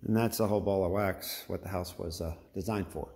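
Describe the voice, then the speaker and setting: A man's voice: deep voice, fairly even intonation, a little fast, vocal fry, a little mellow. A middle-aged man, a home builder, giving a folksy, enthusiastic walkthrough tour of a house and pointing things out as he goes. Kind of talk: casual walkthrough narration.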